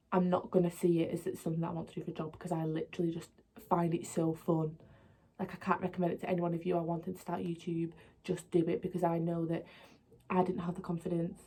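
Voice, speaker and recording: A young woman chatting casually and rambling while doing her makeup, pausing as she works. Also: lowish voice, warm tone, husky. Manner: chatty, rambling, laughs often; talks while applying makeup, often pauses. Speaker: beauty vlogger.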